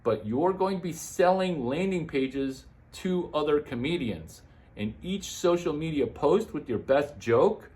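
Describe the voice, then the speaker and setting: A man, a comedian, talking through numbered business tips in a jumpy monologue full of quick asides and sudden leaps in pitch. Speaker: comedian giving business advice.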